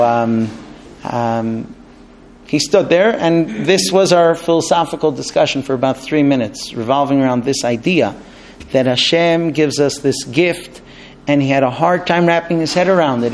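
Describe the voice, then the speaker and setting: A man's voice: mid-range voice, normal speed, a little hiss or hum. A man teaching a Torah class, earnest and conversational, telling a personal story. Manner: earnest, storytelling, with restarts and light laughs.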